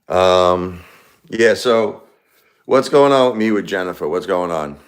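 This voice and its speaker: Deep-voiced grieving man in his forties. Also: animated, slow pace, smooth. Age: 40s. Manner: rambling, repetitive, confessional. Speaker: livestream host. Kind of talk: live-stream talk to viewers. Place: his home, alone.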